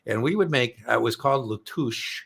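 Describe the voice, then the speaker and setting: A man's voice: medium pitch, lively intonation, fairly quick, vocal fry, fairly bright tone, slightly rough. A middle-aged man hosting an exam prep live stream, chatting casually and telling rambling, joking stories.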